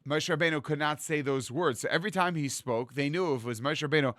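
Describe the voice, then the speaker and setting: A rabbi delivers a sermon in an animated storytelling way, acting out the voices of the people he quotes. He is a man with a mid-range voice. The sound is dry and close. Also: medium pitch, fast talker, hardly any pauses, dry recording. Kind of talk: Torah sermon.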